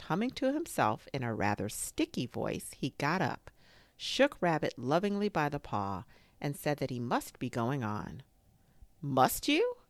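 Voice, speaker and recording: A woman reading a children's storybook aloud, her voice low-pitched but lively and full of expression. The delivery is gentle and unhurried. The recording is close and dry. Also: dry recording.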